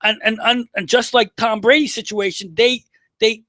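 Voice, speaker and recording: A middle-aged man co-hosting a sports chat with a very high, bright voice, talking fast and repeating himself for emphasis. He laughs often, and the sound is close and dry. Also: steady tone, no echo. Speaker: co-host.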